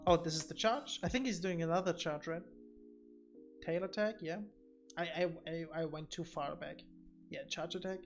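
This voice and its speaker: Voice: medium pitch, moderate pace, faint music behind. A streamer giving casual gameplay commentary on a desk mic, thinking aloud and often repeating words while explaining boss fights.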